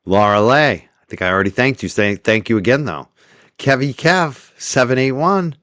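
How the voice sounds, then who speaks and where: A man hosting a livestream, reading and thanking viewers' super chats in a casual, chatty way, laughing easily and trailing off quietly. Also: mid-range voice, expressive, moderate pace, no echo.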